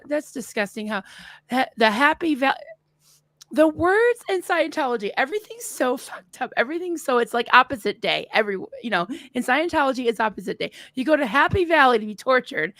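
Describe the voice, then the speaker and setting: A woman's voice: high voice, expressive, fairly quick, a bit bright, no echo. A woman hosting a casual live chat, effusive and chatty, laughing often. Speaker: host. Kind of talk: casual conversation.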